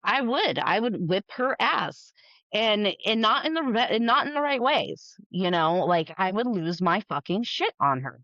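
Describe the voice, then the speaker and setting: Middle-aged woman guest, frank and profane, quick laughs; dry, muffled sound. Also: medium pitch, very animated, a bit bright, dry recording. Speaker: podcast guest, mother. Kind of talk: candid casual chat.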